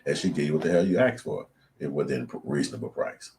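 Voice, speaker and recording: A man delivers a blunt, profane, preachy monologue to his viewers. His voice sits extremely low. A faint hum of noise runs under the recording. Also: expressive, fast talker, vocal fry, a little mellow. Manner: blunt, profane, preachy ranting with acted-out quotes. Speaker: show host. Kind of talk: casual opinion monologue to viewers.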